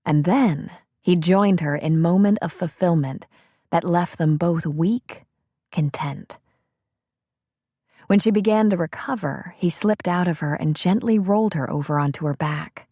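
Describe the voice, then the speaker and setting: A woman narrating a romance novel in a soft, measured, intimate reading on a close studio mic. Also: lowish voice, no echo. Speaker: audiobook narrator.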